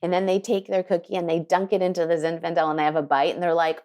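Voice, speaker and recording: A woman winemaker telling an animated story in an interview, acting out the people she quotes. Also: on the low side, quick pace. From United States. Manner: lively, quotes people in put-on voices. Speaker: winemaker guest. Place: her home in Sonoma County.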